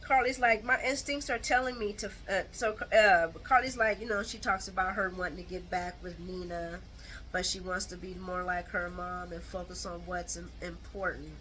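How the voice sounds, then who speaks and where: Bright-voiced woman recapping, blunt and animated. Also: on the low side, normal speed, a little hiss or hum, rough recording. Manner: animated, blunt, colloquial, with mocking asides. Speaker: soap opera recap host. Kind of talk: casual chat recap.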